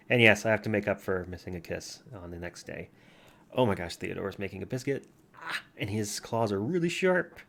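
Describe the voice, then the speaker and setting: A man's voice: lowish voice, animated, moderate pace, gravelly, fairly bright tone. A man vlogging casually at home with a soothing, easygoing voice, chatting while playing a word game and talking to his cat. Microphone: computer mic from farther back than usual.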